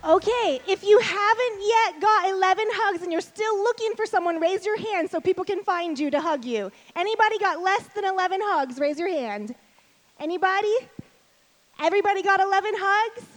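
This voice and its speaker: High-voiced fast-talking woman speaker. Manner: fast-talking, chatty and self-deprecating. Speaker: speaker at a women's event. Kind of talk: lively stage talk to an audience.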